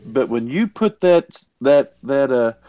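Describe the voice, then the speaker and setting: A man holds forth on a podcast in emphatic bursts, his voice sitting at an ordinary middle pitch. The sound is dry and close, with no room around it. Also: animated, slow, warm tone, no room sound. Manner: emphatic, ranting, calls people buddy. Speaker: podcast co-host. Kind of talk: casual chat.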